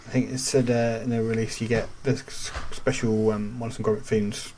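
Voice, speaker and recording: A man's voice: on the low side, little pitch movement, fairly quick, a little mellow, a little hiss or hum. A man hosting a podcast, talking in a rambling, chatty way full of restarts. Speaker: podcast host. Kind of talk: casual chat.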